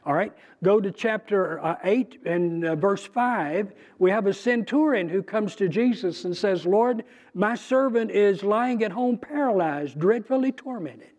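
Male preacher, high voice, talks through scripture conversationally with emphasis. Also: expressive, darkish tone. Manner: conversational, emphatic, with pauses and restarts. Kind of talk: bible teaching.

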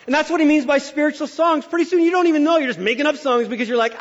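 A middle-aged man with a high voice preaches a lively, exaggerated sermon. His voice rings with a long hall reverb and sounds dull and muffled, as if from a church sanctuary. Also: fast. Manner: animated, exaggerating storyteller. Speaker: pastor.

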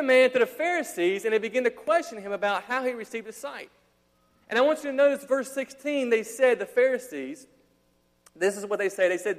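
A man's voice: sits high, expressive, fairly quick. A man preaching a sermon, acting out the people in his story and dropping casual slang asides. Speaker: pastor. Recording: long hall reverb.

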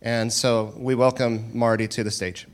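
A man's voice: medium pitch, flat delivery, moderate pace. Church pastor guy welcoming the speaker, mid voice, lots of uh's. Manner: warm welcoming, filler-heavy. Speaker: pastor introducing guest. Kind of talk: sermon introduction.

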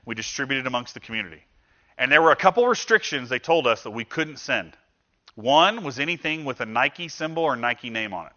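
With a medium-pitched, bright, forward voice, this male pastor moves briskly through his sermon. He keeps it relaxed and chatty, borrowing quoted voices to make each point, over slightly muffled, lo-fi audio.

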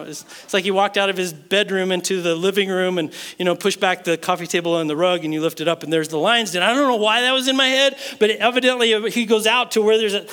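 Bright-voiced, animated male preacher. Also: high voice. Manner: animated storytelling, acts out the king's and Daniel's words. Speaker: pastor. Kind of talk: sermon.

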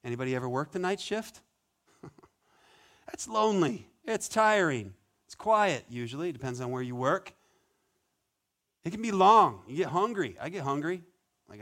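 A man preaching a sermon as pastor, conversational and animated, with playful asides. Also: fairly high pitch.

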